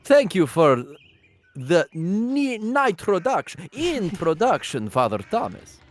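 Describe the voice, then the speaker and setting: A gossipy nobleman from a historical video game, voiced by a man, lifting his voice high and swooping through wide melodic turns. He sounds airy and slightly theatrical, as if he is relishing his own news. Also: big pitch swings, takes it slowly, full character voice. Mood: eager. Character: genteel gossipy nobleman, middle-aged male art lover. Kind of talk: live voice-over of game dialogue.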